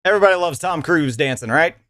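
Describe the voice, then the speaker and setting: A man's voice: a little high, expressive, fast talker, a bit bright, no room sound, studio quality. A young man streaming live, chatting casually to his viewers, rambling and swearing freely with frequent laughs and restarts. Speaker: livestreamer.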